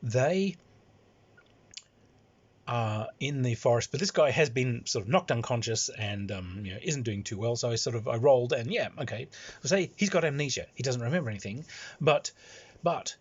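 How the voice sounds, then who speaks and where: A man's voice: medium pitch, animated, moderate pace, slightly rough. A man who is a game master telling a game anecdote in a rambling way, with many fillers and chuckles. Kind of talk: anecdotal storytelling. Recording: dull lo-fi recording.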